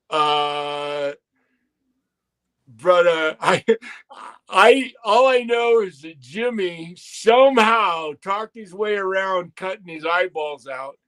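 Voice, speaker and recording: A man's voice: high-pitched, slow pace, a bit bright, clear, resonant tone. A man telling a long, profane story in casual podcast chat, quoting people as he goes.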